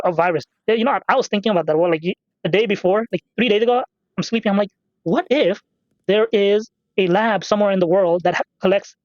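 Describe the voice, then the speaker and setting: A man's voice: sits high, no echo, muffled recording. A man casually rambling through profane, off-topic stories while commenting on a game he is playing. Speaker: gaming channel host.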